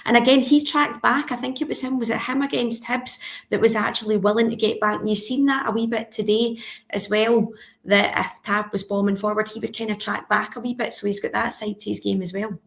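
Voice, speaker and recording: A woman's voice: fairly high pitch, fairly even intonation, brisk, gravelly. A woman co-hosting a football podcast, chatty and fond of tag questions. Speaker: podcast co-host. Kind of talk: casual football podcast chat.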